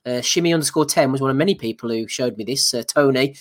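A man's voice: medium pitch, fast talker. A man hosting a casual podcast, laughing between the listener posts he reads out. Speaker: podcast host.

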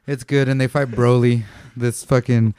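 A man's voice: medium pitch, level tone, moderate pace, darkish tone, smooth, no room sound. Laid-back guy, dry close sound. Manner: loose, laughing, filler-heavy rambling. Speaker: podcast co-host. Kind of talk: casual chat.

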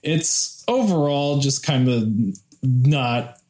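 A man with an average-pitched voice offers a hesitant, noncommittal take in a casual film chat. He hedges often and trails off between phrases. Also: animated, slow pace, a little mellow.

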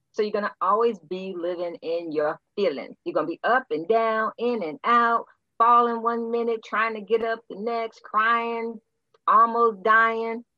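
A woman's voice: mid-range voice, no echo, dull audio. A woman guest coach giving blunt, emphatic motivational advice in a playful, preacherly style.

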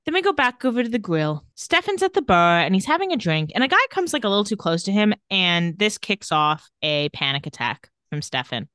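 A woman's voice: mid-range voice, very animated, a little fast, few pauses, a bit bright, no room sound. A woman co-hosting a casual podcast, retelling scenes and quoting characters' lines, laughing often. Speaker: podcast co-host recapping a TV episode. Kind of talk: casual chat.

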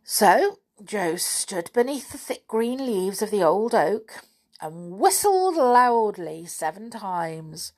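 A woman reading a children's book aloud, gentle and expressive. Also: mid-range voice, slow. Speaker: storyteller.

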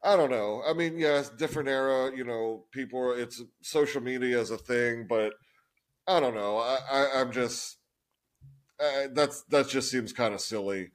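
A man co-hosting a wrestling podcast, talking casually in a halting, hesitant way. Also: medium pitch. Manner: hesitant, halting, many restarts and fillers. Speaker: podcast co-host.

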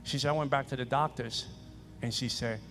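A man preaching a sermon, repeating phrases with emphasis and moving between loud exhortation and quiet personal stories. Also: medium pitch, steady tone, brisk, faint music behind.

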